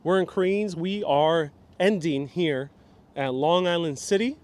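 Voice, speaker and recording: A man's voice: fairly high pitch, measured pace. A man, casually hosting a live walking tour outdoors, chatting and laughing as he reads out viewer comments. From New York, Puerto Rican family. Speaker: live-stream host and city guide. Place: outdoors on a waterfront park. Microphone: phone camera on a gimbal.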